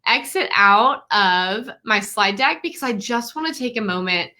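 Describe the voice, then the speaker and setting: A woman's voice: mid-range voice, expressive, a little slow, sharp tone. A woman teaching quilting online, giving an effusive, encouraging graduation speech to her students over a webcam. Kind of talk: live-streamed graduation address. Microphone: webcam, face to camera.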